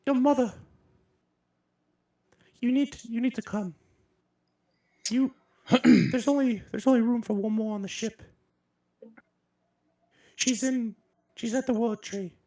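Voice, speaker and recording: A man voicing a small gnome woman who urgently pleads in a rushed, breathless way. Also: very high voice, dark tone, voice pushed up, exaggerated voice. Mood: urgent, pleading.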